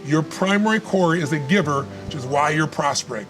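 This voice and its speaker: A man's voice: on the high side, moderate pace, hardly any pauses, fairly bright tone, soft background music. A man giving motivational talk in conversation, emphatic and repetitive, telling stories to make his point. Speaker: motivational speaker.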